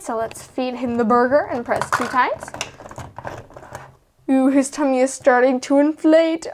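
Excitable toddler girl dolls squabble their way through a game, voiced by a woman. The voice sits very high and leaps wildly up and down, stretching words out slowly. A faint hiss runs under the recording. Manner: high, excitable, squealing when upset. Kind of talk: doll play narration.

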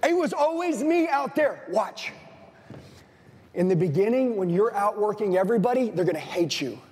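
A sales trainer in his forties gives an intense, blunt motivational speech to a live audience, swearing and hammering home repeated lines. His voice is high-pitched and a little mellow, with lively intonation and a moderate pace, and it carries the sound of a big room.

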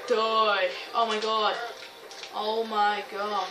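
A woman giving excitable let's-play commentary, swearing, shrieking and laughing often. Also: mid-range voice, moderate pace. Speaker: gaming video host. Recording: roomy, distant mic with game music. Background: game music and sounds.

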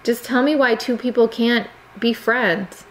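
An exasperated American teenage boy, earnest and insistent, his voice climbing as he pleads. A woman reads him aloud in a storybook narration. The tone stays close to an everyday voice, lifted a little higher. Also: steady tone, measured pace, a bit bright, a little hiss or hum, poor audio. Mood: pleading.

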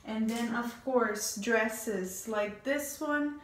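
A woman's voice: on the high side, drawn-out words, echoey room, far from the mic, slight background noise. A heavily pregnant woman, a fashion stylist, giving a rambling casual tour of her closet, a bit out of breath, with many ums and restarts.

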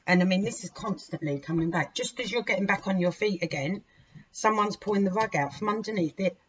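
A woman giving a weekly tarot reading, frank and indignant, swearing freely and breaking into sudden loud outbursts. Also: mid-range voice, brisk. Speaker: tarot reader. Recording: dull lo-fi recording with faint hiss.

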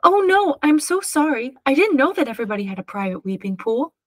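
A woman's voice: mid-range voice, very animated, very fast, no room sound, clean studio sound. Woman doing a polite, flustered young man. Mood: apologetic. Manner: apologetic, eager to please. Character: polite, quick-thinking young man in a jam.

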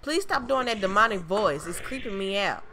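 A woman streamer gives excitable, cursing commentary while playing a horror game. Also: mid-range voice, moderate pace, background noise. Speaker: gameplay streamer. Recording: loud game music behind the voice.

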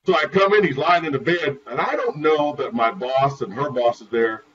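A man chatting as an interview guest, telling lively stories about his caregiving work and often laughing. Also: mid-range voice, normal speed. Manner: lively, laughing, acts out voices in anecdotes. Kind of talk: animated storytelling in conversation. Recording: distant, muffled, with crowd noise.

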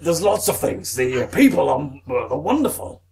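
A cocky, boastful announcer type who booms names out grandly, as a man puts him on. His voice swings up and down and grates a little at the bottom. A faint hiss sits under the recording. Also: very animated, moderate pace, gravelly, darkish tone. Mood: smug. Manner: bellows his own name like a TV announcer. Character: smug showbiz announcer man, boastful and cheeky. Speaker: guest. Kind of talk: comic improvised interview.

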